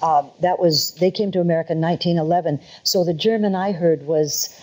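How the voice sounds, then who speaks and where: Older woman, very low husky voice. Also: steady tone, fairly quick, a little mellow, rough recording. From Portland, Oregon. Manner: chatty, wry, laughs at her own stories. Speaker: singer and guest. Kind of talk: conversational interview.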